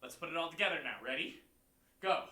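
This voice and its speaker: A man teaching a martial arts class online, counting out moves, shouting kiai and giving encouraging pep talks. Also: fairly high pitch, fast. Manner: encouraging, pep-talk delivery. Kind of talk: leading a livestream class. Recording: echoey room, voice far from mic.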